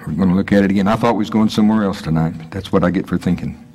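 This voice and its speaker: A man's voice: deep voice, rapid-fire, dark tone. A man preaching a sermon in a church, reading scripture aloud and explaining it conversationally, acting out the speakers' lines. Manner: conversational, acts out voices, breaks into laughter.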